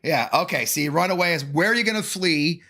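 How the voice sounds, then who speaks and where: A man's voice: fairly high pitch, lively intonation, a little fast, sharp tone. A middle-aged man hosting a panel show, chatty and rambling, laughing often and swearing casually. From Boston area family. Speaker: host.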